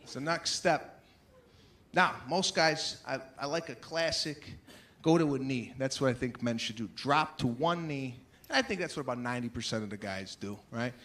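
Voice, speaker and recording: A man doing stand-up comedy on stage, animated and exasperated, often shouting his punchlines. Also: mid-range voice, normal speed. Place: comedy stage before a live audience.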